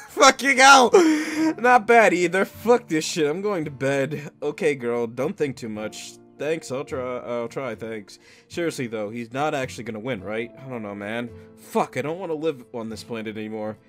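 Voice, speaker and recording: A man's voice: mid-range voice, expressive, normal speed, a bit bright, faint music behind. A man doing casual let's-play commentary, reading text messages aloud, laughing often and swearing freely. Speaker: gaming YouTuber.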